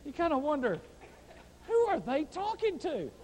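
A man preaching a sermon to a large congregation, animated and playful, acting out prayers in mock voices. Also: extremely high pitch, normal speed, big-room sound, slight background noise, rough recording. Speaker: pastor. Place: large church.

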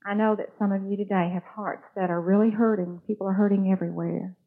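A woman's voice: mid-range voice, steady tone, quick pace. A woman preaching a sermon in an earnest, storytelling manner. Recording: tinny phone-like sound.

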